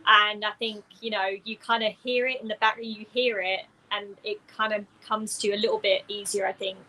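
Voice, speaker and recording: A woman's voice: mid-range voice, flat delivery, a little fast, sharp tone, low-quality recording. A woman with an Essex accent, an actor guest in a casual interview, talking candidly and self-deprecatingly. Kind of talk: conversational interview.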